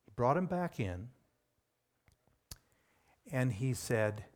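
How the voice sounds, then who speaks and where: Guy preaching, slow and deliberate, punches key words up loud. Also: big pitch swings, gravelly. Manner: emphatic, with sudden rises in pitch and loudness on key words. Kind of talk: sermon.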